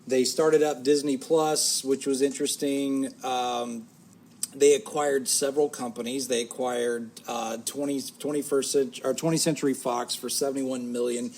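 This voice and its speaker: A man's voice: mid-range voice, flat delivery, normal speed, darkish tone, a little hiss or hum. A man co-hosting a casual talk show, rambling and correcting himself as he jokes. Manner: rambling, self-correcting, joking. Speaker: podcast co-host. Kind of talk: casual chat.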